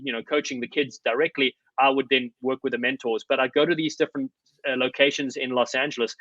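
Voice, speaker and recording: Fast-talking South African man, bright voice. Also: medium pitch, dry recording, highs cut off. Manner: eager, rapid storytelling with many fillers. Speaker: podcast guest, rugby commentator. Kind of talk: conversational interview.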